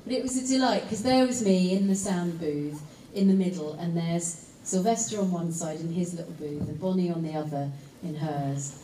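A woman's voice: on the low side, moderate pace, mellow. Woman, actress on a panel, chatty, rambling, lots of fillers, roomy hall, faint background hum. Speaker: actress and voice actor. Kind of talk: convention panel answers. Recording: roomy hall, distant mic, faint ambience.

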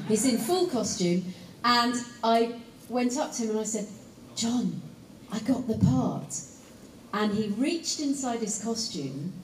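Woman telling a fun story to an audience, chatty, voice a bit far off, echoey hall. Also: mid-range voice. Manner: chatty and lively, teasing the audience with asides. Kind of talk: live anecdote to an audience. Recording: echoey hall, voice picked up from a distance, faint room noise.

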